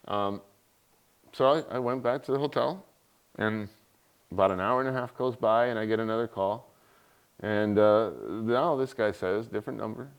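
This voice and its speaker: A man's voice: fairly low pitch, normal speed, clear, resonant tone. A middle-aged man giving a guest lecture, telling an anecdote and acting out the people he quotes. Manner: animated, acts out quoted voices. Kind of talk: storytelling in a lecture.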